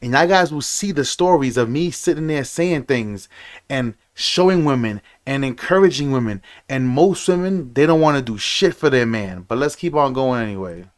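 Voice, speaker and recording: A man's voice: medium pitch, animated, normal speed. A man ranting to camera about marriage, frustrated, preachy and repeating himself. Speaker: commentator. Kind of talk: reaction rant to camera.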